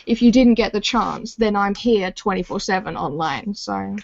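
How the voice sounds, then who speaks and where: A woman's voice: mid-range voice, moderate pace, gravelly, dull audio. A woman co-hosting a podcast as a comic artist, chatting casually while she draws, often laughing and restarting her sentences. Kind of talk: casual chat while drawing.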